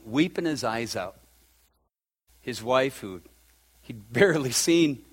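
A man preaching a sermon, swinging from loud, fervent peaks to a soft, emotional hush. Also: medium pitch. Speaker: pastor.

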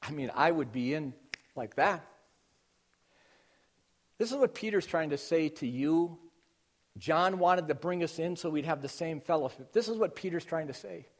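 A man preaching an expository sermon to his congregation, teaching with emphatic stresses that drop to quiet intensity. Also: a little high, expressive, moderate pace, pauses often.

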